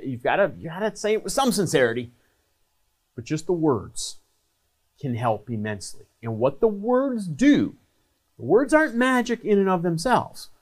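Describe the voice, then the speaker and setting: A man hosting a talk, giving earnest, conversational advice in short repeated phrases. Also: fairly high pitch. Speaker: host and trainer. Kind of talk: casual advice monologue.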